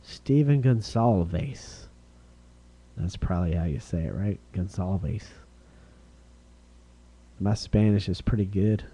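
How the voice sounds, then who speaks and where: A man hosting a live-streamed card break, calling out each card and who gets it, getting excited over rare hits. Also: deep voice, unhurried, long pauses, slightly rough. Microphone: streaming setup.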